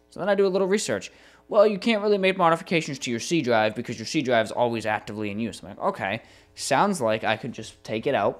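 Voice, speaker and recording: A young adult man recounting a tech disaster on a casual podcast. He talks in an animated, exasperated way and swears freely as the story builds. His voice sits at an ordinary middle pitch. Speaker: podcast co-host.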